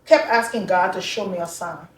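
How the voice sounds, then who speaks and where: A woman telling a personal story as an interview guest, animated and acting out the voices she quotes. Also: lowish voice, normal speed, a little hiss or hum. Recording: echoey room, far from mic.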